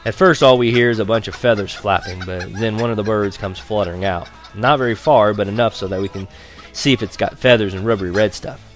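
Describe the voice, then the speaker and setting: Man narrating a story, lower voice. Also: a little fast, faint music behind. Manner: lively storytelling, voicing characters with quieter, higher dialogue. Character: boy narrator recalling spying on a neighbor. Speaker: audiobook narrator. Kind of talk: first-person audiobook narration.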